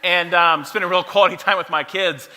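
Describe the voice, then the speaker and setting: A man's voice: high-pitched, steady tone, fairly quick, pushed and bright. A man in his thirties telling a funny family story from the stage, playful and self-mocking. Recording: long hall reverb.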